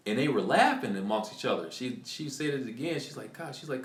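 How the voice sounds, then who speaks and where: A man live-streaming to viewers, excitedly retelling a story with many restarts and acted quotes. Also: medium pitch, fast, hardly any pauses, roomy sound. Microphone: computer mic on a live stream.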